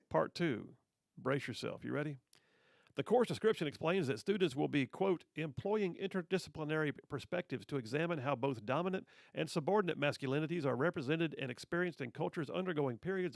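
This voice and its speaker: A man hosting conservative talk radio reads the news aloud and adds mocking, teasing asides for listeners. His slightly high voice is gravelly, and the studio microphone recording is dry.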